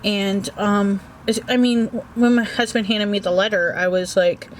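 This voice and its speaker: Grieving woman talking haltingly at home. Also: mid-range voice, fairly even intonation, slight background noise, poor audio. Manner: halting, hesitant, many restarts and fillers. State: grieving, anxious. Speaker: vlogger. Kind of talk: personal vlog monologue. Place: small book nook indoors at home.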